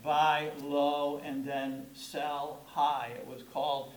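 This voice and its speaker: High-voiced middle-aged pastor in an echoey church. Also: male voice, level tone, takes it slowly. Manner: conversational, storytelling preaching with emphatic stresses. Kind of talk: sermon. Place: church sanctuary. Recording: echoey room.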